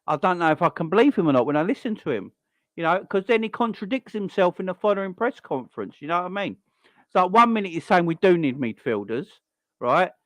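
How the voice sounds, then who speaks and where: A man's voice: high-pitched, sing-song, fast talker, no echo. A young man hosting a live stream, ranting in an exasperated, repetitive way and swearing now and then. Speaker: fan channel host. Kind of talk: live-stream football rant.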